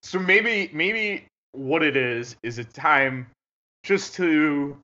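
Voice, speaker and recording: Animated man hosting a podcast. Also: a little high, slow, muffled recording. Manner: rambling questions, many fillers, animated. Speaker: podcast host. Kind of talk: casual interview chat.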